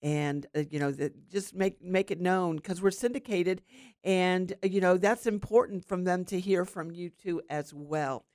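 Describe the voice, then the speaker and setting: A woman's voice: lowish voice, measured pace, a little mellow, no echo, clean studio sound. A woman hosting a syndicated radio gardening show, chatting casually with many fillers and explaining plant science. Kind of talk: casual radio talk with call-ins. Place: radio studio.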